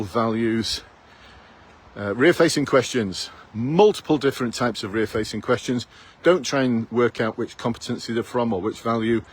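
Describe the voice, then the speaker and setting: A blunt man in his fifties coaches would-be police recruits, firing off rhetorical questions in a challenging tone. His voice sits at an ordinary middle pitch. Faint town sounds and passing traffic hum behind him outdoors. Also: low-quality recording. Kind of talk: direct advice to camera.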